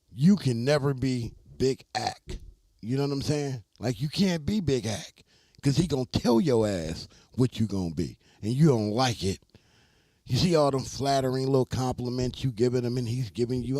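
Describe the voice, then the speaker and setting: A man hosting a live reaction stream, chatting casually, joking and shouting out viewers in his chat. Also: mid-range voice, expressive, normal speed, no echo.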